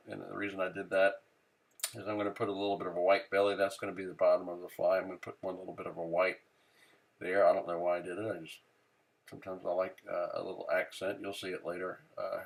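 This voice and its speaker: Low gravelly man explaining a craft. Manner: relaxed, many "uh" fillers, thinking aloud while working. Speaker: fly tying instructor. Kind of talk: casual how-to narration.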